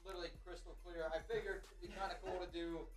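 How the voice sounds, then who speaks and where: Male co-host, high voice, off-mic in a roomy space, casual and rowdy. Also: level tone, quick pace, faint music behind. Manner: loud cheering from across the room. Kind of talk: casual chat on a live stream. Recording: echoey room from a distance.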